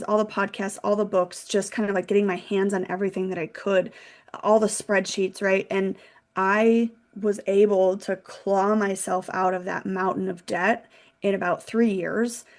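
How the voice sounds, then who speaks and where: A woman in her thirties, a financial consultant guest, telling a candid, animated personal story in a casual interview. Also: mid-range voice.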